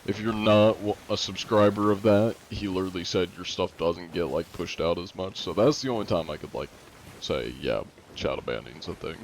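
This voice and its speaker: A man's voice: low-pitched, normal speed, slight background noise, poor audio. A young man streaming a game, chatting casually and rambling with lots of fillers. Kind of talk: casual gaming chat.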